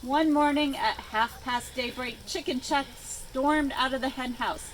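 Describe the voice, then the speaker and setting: A woman's voice: sits high, measured pace, low-quality recording. Woman reading a storybook aloud outdoors. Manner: expressive storytelling. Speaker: librarian. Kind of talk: reading a picture book aloud to children. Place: outdoors by a chicken coop. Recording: outdoor noise with farm animals.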